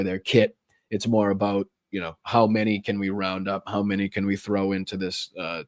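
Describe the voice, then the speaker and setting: A low-voiced male political talk show host from Boston delivers live-stream commentary, profane and sarcastic, laughing at the news as he reads it aloud with stumbles and asides. The recording is dry and clean, studio quality.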